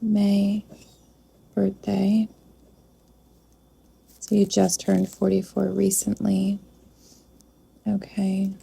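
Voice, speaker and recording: A woman working as a psychic medium, talking softly in a spirit communication session and pausing to address an unseen presence. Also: medium pitch, completely flat delivery, vocal fry, husky.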